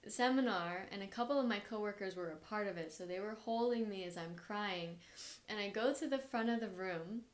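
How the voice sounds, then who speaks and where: A young adult woman hosting a podcast, telling a personal story in a candid, reflective way with soft laughs. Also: medium pitch. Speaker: podcast host.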